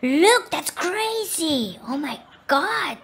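A woman hosting a reaction video, excitable, gasping and laughing with constant exclamations over the clips. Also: sits high, very slow, creaky. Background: clip sound and music playing.

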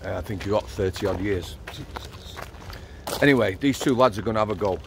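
A man's voice: on the low side, brisk, background noise. A middle-aged man with a Yorkshire accent, a former prison officer telling blunt, matter-of-fact stories while walking outdoors at night. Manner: blunt, matter-of-fact storyteller, swears freely. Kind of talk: casual storytelling on a night walk.

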